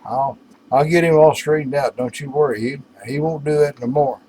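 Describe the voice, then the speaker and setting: A man's voice: a little high, normal speed, background noise, close to an everyday voice. A man voicing an apologetic pet shop owner who reassures an angry customer. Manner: apologetic, soothing.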